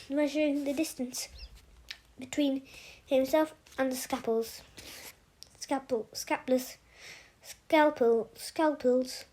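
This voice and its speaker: Amateur woman reader, high-pitched, stop-start delivery with many self-corrections. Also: dark tone. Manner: halting, with frequent restarts and self-corrections. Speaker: audiobook reader. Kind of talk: amateur novel reading.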